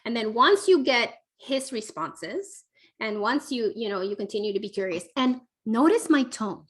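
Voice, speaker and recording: Speaking at a moderate pace with lively intonation, a woman with a slightly high voice reads viewer questions aloud during a live online Q&A. As a parenting expert, she offers casual advice in a warm, conversational coaching manner, using frequent fillers.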